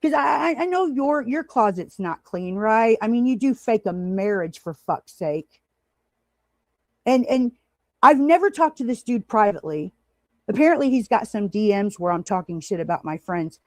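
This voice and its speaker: A woman's voice: medium pitch, expressive, normal speed, dry recording. A woman hosting a livestream, angrily ranting at a critic with heavy swearing and greeting chatters now and then. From United States. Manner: angry, profane, confrontational, addresses viewers in chat. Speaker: livestream host. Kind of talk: heated livestream rant.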